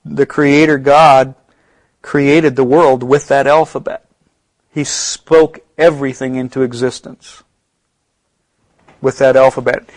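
A man's voice: fairly high pitch, no room sound, rough recording. Male Bible teacher, casual and explanatory, dry close sound. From United States. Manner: explanatory, slows down to stress key points.

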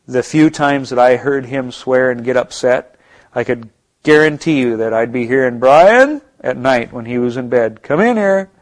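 A man's voice: mid-range voice, moderate pace. A man with an American accent in ministry, giving an earnest, reflective Bible talk with frequent restarts and asides. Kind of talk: conversational Bible teaching.

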